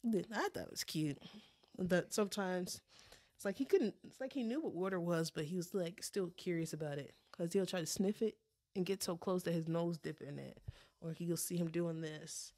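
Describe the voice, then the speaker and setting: A woman co-hosts a relaxed pet podcast, her voice sitting on the low side. She talks in a loose, chatty way, filling pauses with ums and restarting her sentences. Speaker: podcast co-host. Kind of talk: casual chat.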